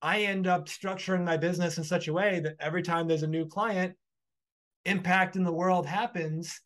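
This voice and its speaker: A man's voice: sits high, fairly even intonation, normal speed, a bit bright. A man in a podcast conversation, telling a long heartfelt anecdote in an earnest, flowing way.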